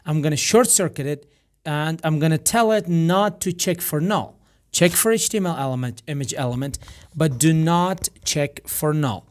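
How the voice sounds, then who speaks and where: Man teaching code with a rough voice. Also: on the high side, normal speed. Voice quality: rough, gravelly voice. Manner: explains step by step with frequent fillers and restarts. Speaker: programming instructor. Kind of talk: screen-recorded coding tutorial.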